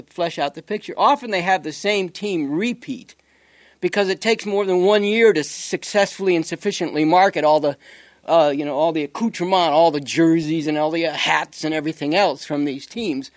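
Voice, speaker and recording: Sardonic, digressive man, fairly high voice. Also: no room sound. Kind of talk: spoken commentary monologue.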